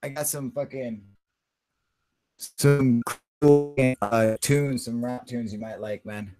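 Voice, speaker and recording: A man's voice: medium pitch, steady tone, takes it slowly, over loud music. A man hosting a live stream in loose, heavily profane casual chat, talking through what he is doing on his computer.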